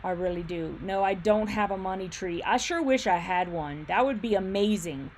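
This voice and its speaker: Her voice sits in the mid-range, a little mellow, at a moderate pace with slight background noise behind it. This quilt shop owner hosts a relaxed livestream, reading viewer comments and thinking out loud. Between easy laughs, she hums as she fusses with her screen.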